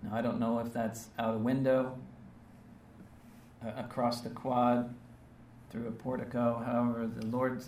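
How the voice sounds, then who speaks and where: A man's voice: medium pitch, level tone, unhurried, long pauses, darkish tone, slight background noise. Earnest male preacher in a roomy space. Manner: earnest, emphatic, with frequent rhetorical "right?" and "okay?" tags. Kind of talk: sermon. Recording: roomy, distant mic with faint ambience.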